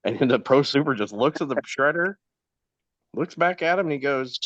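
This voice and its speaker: A man's voice: medium pitch, normal speed, dry recording. A man on a podcast, casually telling a profane work story and acting out the people in it. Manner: profane, animated storyteller doing quoted voices. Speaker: podcast co-host. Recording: dull lo-fi sound.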